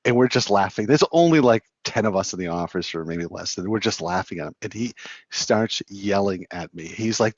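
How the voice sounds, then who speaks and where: A man's voice: on the low side, animated, brisk, dry recording. Middle-aged male co-host, self-mocking rambler, muffled dry recording. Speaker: sales consultant, podcast co-host. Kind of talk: casual chat.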